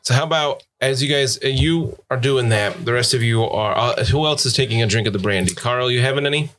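A man's voice: mid-range voice, fairly quick, a bit bright, slight background noise. A man narrating a tabletop game as game master in an easygoing, chatty way.

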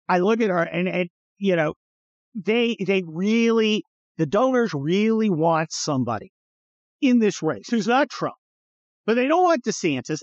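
Man, podcast host, sarcastic and mocking, high voice, dull dry sound. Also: no echo. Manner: sarcastic, mocking, blunt with profanity. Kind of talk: political commentary monologue.

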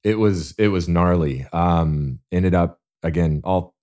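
Deep, mellow male athlete telling stories. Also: takes it slowly. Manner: earnest, animated storyteller. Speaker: guest, Olympic athlete. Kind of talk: casual interview storytelling.

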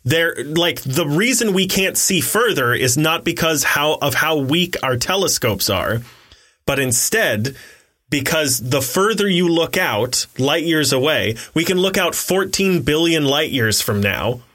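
A man chats through a film review with a bright, lively voice that swings up and down. He talks a bit high for a man, animated and jokey, laughing between points. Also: a little slow. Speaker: podcast co-host. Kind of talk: casual film review chat.

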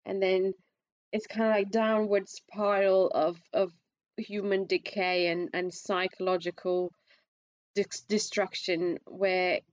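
A woman with a squeaky voice talks through her opinion of a film in a loose, conversational way. She stumbles and restarts often, and her voice climbs when she presses a point. The recording is dry and a little dull. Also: little pitch movement, takes it slowly, no echo. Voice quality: self-described squeaky voice. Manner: hesitant, restarts often, rises in pitch when emphatic. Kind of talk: casual film review chat.

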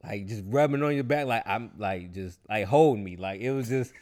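A man chatting casually, telling a personal story in relaxed slang and acting out other people's voices. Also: fairly low pitch, moderate pace. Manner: laid-back, slangy storytelling with animated quoted voices. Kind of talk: casual chat.

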